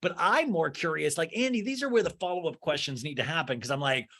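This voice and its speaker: Guy doing a solo podcast recap, higher-pitched voice, gossipy and sarcastic, laughs and swears a lot. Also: lively intonation, quick pace, a bit bright. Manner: sarcastic, mimicking cast members in exaggerated voices. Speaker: podcast host.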